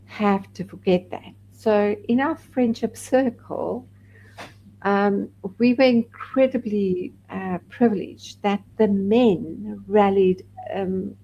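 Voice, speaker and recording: A woman's voice: mid-range voice, dull audio, slight background noise. A woman from South Africa, a podcast guest, candidly telling a personal story and acting out the people she quotes. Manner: candid, animated when quoting others.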